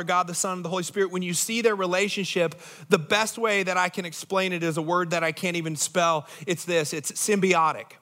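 Bright-voiced pastor preaching. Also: male voice, high voice. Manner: conversational, asks the congregation questions. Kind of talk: sermon.

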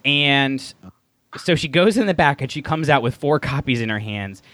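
A man co-hosting a podcast, chatting casually and telling stories in a playful, animated way. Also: medium pitch, moderate pace, dry recording. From Texas, USA. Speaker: podcast co-host. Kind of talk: casual chat.

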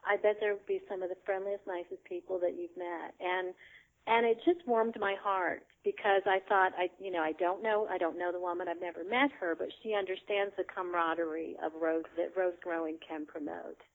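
A woman's voice: fairly low pitch, steady tone, brisk. A woman guest telling a story in casual chat, chatty, with frequent laughter and many fillers. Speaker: interview guest. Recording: tinny phone line.

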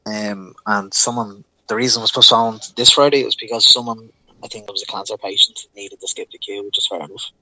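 A man's voice: lowish voice, a little fast. An Irish man, a young adult co-hosting a podcast, telling a long anecdote in casual chat and acting out the voices of the people in it. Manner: animated, acts out voices in his anecdotes. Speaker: podcast co-host.

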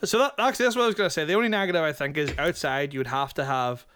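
Bloke on a chatty podcast, kinda high voice, rambles a lot, giggles. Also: male voice, very animated, rapid-fire, a bit bright, a little hiss or hum. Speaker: podcast co-host. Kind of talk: casual chat.

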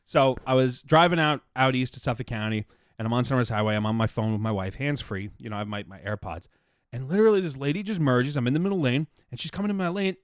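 A man co-hosting a casual podcast, blunt and profane, telling stories with animated energy. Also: mid-range voice, quick pace, clean tone, dry recording, studio quality. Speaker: podcast co-host.

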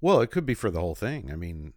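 A man's voice: sits low, big pitch swings, fast, no room sound, studio quality. A man co-hosting a podcast, chatting casually about a movie with wry, self-deprecating humor. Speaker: podcast co-host.

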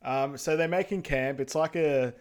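A man's voice: fairly high pitch, normal speed. A man co-hosting a podcast, recapping a film in casual chat, hesitant with frequent ums and uhs. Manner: hesitant, starts lines with um and uh. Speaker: podcast co-host.

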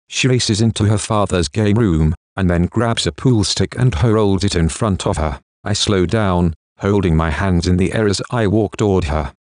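A man giving steady, measured first-person audiobook narration. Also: sits low, dry recording, studio quality.

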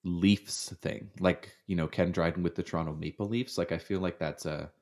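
A man's voice: sits low, fairly even intonation, moderate pace, creaky, darkish tone. A man co-hosting a casual podcast, telling self-mocking jokes. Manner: wry, self-mocking humor. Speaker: podcast co-host. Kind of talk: casual chat.

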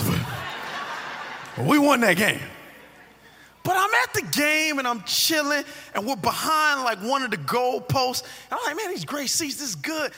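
A man preaching in a storytelling way, his high voice bright and forceful as it swoops up and down. He jokes and teases the congregation between points, and the sound rings with a long hall reverb. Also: creaky, slight background noise. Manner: animated, joking, full of asides to the audience. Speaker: pastor. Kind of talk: storytelling sermon.

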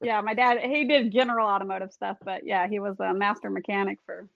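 A woman's voice: mid-range voice, steady tone, fairly quick, creaky, no room sound, muffled recording. A woman in casual chat, talking emphatically and often saying "like". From Southern US. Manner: chatty, emphatic, uses 'like' a lot.

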